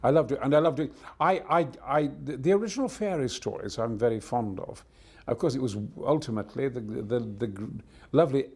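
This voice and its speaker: Gravelly booming man, theatrical. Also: darkish tone. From Yorkshire, England. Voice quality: booming, theatrical, tumbling repetitions. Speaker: interview guest, voice actor. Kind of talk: exuberant anecdotal chat.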